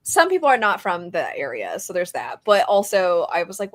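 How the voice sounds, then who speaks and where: A woman's voice: mid-range voice, very animated, moderate pace, no room sound. Chatty woman podcast co-host. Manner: chatty, laughs often. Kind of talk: casual chat.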